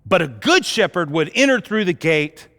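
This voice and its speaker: A man preaching a sermon as pastor, telling the story in an animated way with casual slang. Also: sits high, normal speed. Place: church auditorium. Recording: long reverb of a large hall.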